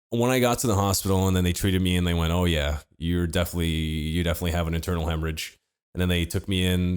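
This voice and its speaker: A young man co-hosting a podcast, telling a story in a deadpan, laid-back way with wry asides. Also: deep voice, clean tone. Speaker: podcast co-host. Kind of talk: casual comedic storytelling.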